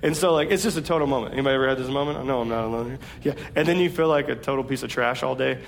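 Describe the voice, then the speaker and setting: A man's voice: mid-range voice, rapid-fire, creaky, slight background noise. A man in his thirties preaching a sermon, telling self-deprecating stories in a casual, slangy way. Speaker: pastor.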